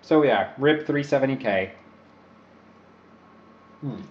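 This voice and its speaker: A young man from the Czech Republic speaks slowly at a medium pitch while hosting an overclocking livestream. He rambles, cracks jokes and runs himself down, and the recording is roomy and a little dull.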